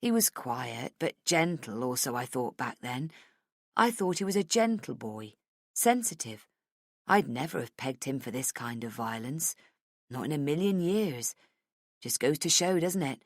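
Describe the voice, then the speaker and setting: A woman voicing an older, wistful schoolteacher who speaks softly. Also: rumbling low, very animated, a little slow, no echo, clean studio sound, voice pushed down, exaggerated voice. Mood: musing. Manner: soft, musing.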